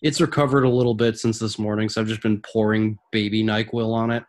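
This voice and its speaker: A man co-hosting a podcast while sick, his voice husky and congested, talking in a groggy, grumbling, halting way. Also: lowish voice, level tone. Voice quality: husky from illness. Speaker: podcast co-host. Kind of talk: casual chat.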